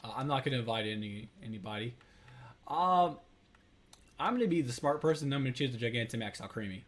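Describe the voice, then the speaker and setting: A man chatting through his own gameplay at a middle pitch. He rambles, corrects himself mid-sentence and fills the gaps with ums and uhs, all in an easy, casual tone. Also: lively intonation, fast. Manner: rambling, self-correcting, many fillers. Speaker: let's play host.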